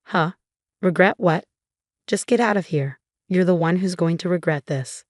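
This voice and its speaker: A hot-tempered young husband in a read-aloud story barks curt, harsh replies, as a woman narrator puts him on. The delivery stays fairly low and dry, close to the mic. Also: moderate pace, no room sound, natural voice. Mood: angry. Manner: curt and angry.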